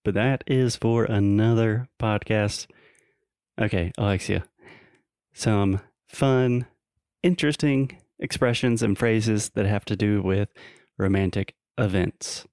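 A man's voice: lowish voice, takes it slowly, darkish tone, smooth, no echo, clean studio sound. A man co-hosting a casual podcast and teaching English, teasing his co-host and explaining pronunciation.

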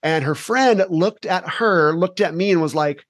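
A man who coaches teens, telling stories in an animated, energetic way in a casual podcast interview. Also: high-pitched, a little slow, no echo, clean studio sound. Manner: animated, energetic storyteller who acts out scenes. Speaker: teen life coach.

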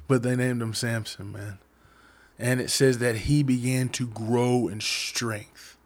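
Casual man telling a Bible story, slangy, mid-pitched, voices the characters offhandedly. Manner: slangy, laid-back, says "man" a lot; acts out characters' lines conversationally. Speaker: Bible study speaker.

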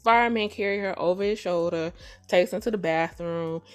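Animated, profane woman podcast host. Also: on the low side, moderate pace, clean tone. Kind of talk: casual chat.

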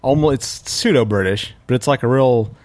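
A man's voice: medium pitch, normal speed, a little mellow. A man hosting a podcast in casual chat, teasing his co-hosts and stirring up arguments. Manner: teasing, provocative. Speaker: podcast host.

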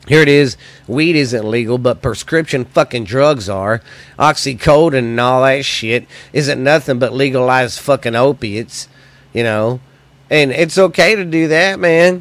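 A man's voice: medium pitch, dry recording. An American man hosting a podcast, delivering a heated, profanity-laden solo rant that rambles between points. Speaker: podcast host.

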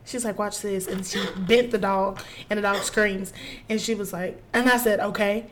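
A woman co-hosting a podcast, telling a work story in animated casual chat, swearing and acting out quotes. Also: mid-range voice, moderate pace. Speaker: podcast co-host.

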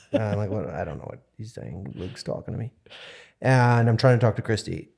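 Male co-host, warm dark tone, wry storyteller who acts out sounds. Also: on the low side, expressive, a little fast, vocal fry, slightly rough. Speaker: podcast co-host. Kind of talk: casual storytelling chat.

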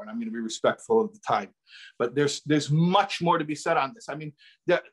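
A man giving an impassioned sermon as a rabbi, often repeating phrases for emphasis and sprinkling in Hebrew and Yiddish terms. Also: on the high side.

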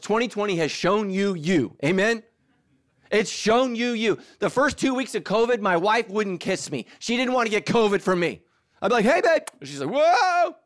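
A middle-aged man from Southern California, a pastor preaching a sermon and telling stories with acted-out voices. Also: high voice. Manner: animated storytelling, acts out quotes.

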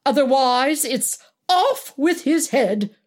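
A woman's voice: medium pitch, very animated, slow, pitched above the performer's own voice, full character voice. A woman voicing an older male stage actor, a sardonic veteran who gossips and mocks in a storybook reading. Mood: mocking. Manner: mocking, gossipy.

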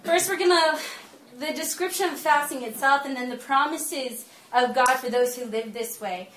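Sex: woman. Pitch: fairly high. Style: sermon with storytelling. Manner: chatty, laughs often. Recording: roomy echo, faint ambience. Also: a little hiss or hum. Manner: lively, chatty, laughs often while telling stories; slows down and softens for earnest teaching. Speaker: speaker giving a talk to a small gathering. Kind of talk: sermon mixed with personal storytelling.

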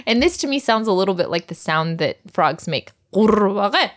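A woman's voice: medium pitch, sing-song, moderate pace. A woman teaching a recorded language lesson, patiently drilling words and laughing often.

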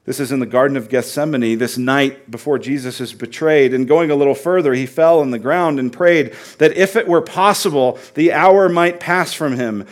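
A man preaching a sermon in an earnest, conversational way, dropping to a hush and then rising to loud, emphatic peaks. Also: medium pitch, normal speed, few pauses. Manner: swings from hushed, quiet delivery to loud, near-shouted emphasis. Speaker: pastor.

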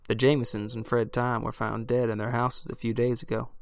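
A man voicing a calm, older male townsman who speaks in a soothing, reasonable way. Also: mid-range voice, brisk, gravelly, lightly acted.

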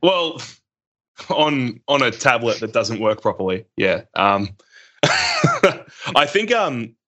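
A man's voice: mid-range voice, takes it slowly. A man with an Australian accent talking casually about a tabletop game match on a podcast, hedging with lots of fillers. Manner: relaxed, hedging, many "like" and "um" fillers. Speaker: guest player.

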